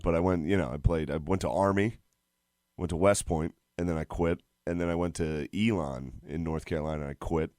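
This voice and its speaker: A man in his thirties chatting as a comedian guest, with a very low, deep voice. He is laid-back and chuckly, piling up easy "yeahs" between stories. The recording is dry and close. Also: steady tone, fairly quick, a little mellow, no room sound. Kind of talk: casual podcast chat.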